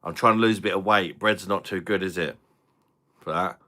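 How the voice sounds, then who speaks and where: A man hosts a casual live stream, greeting viewers and trading crude, joking banter. His voice sits fairly low but has a bright, forceful edge, and he laughs often between lines. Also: fairly even intonation, moderate pace.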